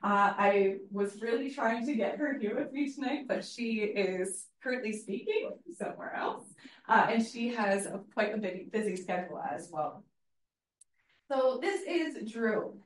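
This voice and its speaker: A woman's voice: on the high side, big pitch swings, a little slow, a little hiss or hum. A woman teacher giving an earnest, story-driven public speech, with frequent fillers. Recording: echoey hall from far off.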